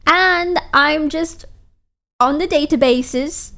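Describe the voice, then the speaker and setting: A woman streamer with a high voice chats casually into a desk mic. She speaks at a relaxed, unhurried pace, reading viewer messages aloud and answering with playful teasing.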